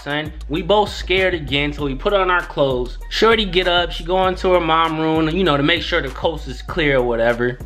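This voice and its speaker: A man's voice: a little high, fairly bright tone. A young man casually telling a profane, slangy personal story on his channel. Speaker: YouTuber.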